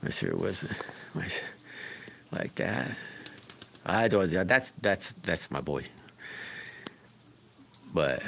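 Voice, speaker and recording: A man's voice: low-pitched, very animated, very slow, gravelly, pauses often, a bit bright, a little hiss or hum. A man hosting a casual live stream outdoors among his farm animals, rambling and trailing off mid-sentence, recorded on a phone. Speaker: livestream host.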